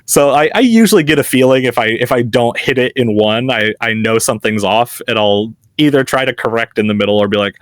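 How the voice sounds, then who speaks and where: A man's voice: medium pitch, fairly quick, hardly any pauses, dry recording, clean studio sound. A man and game master, chatting as a guest in an interview, easygoing and chuckling at himself. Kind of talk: casual interview.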